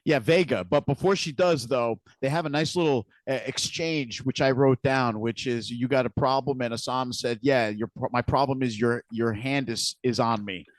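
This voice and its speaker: Man recapping a show with halting restarts. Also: mid-range voice, no echo. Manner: halting, repeats words while retelling scenes. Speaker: podcast co-host. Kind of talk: casual recap chat.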